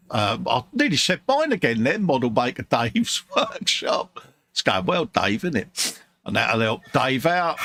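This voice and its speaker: A British livestream host sits at his hobby bench in a workbench room, talking in a mid-range, creaky voice with a bright, forceful tone. His casual chat is jokey and full of playful slang, though he sounds tired.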